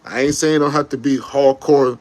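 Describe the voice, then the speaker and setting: Brief: male vlogger, average pitch, excitable slangy fan rant, rambling with self-corrections. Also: a little fast. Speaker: YouTube commentator. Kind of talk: casual fan rant to camera.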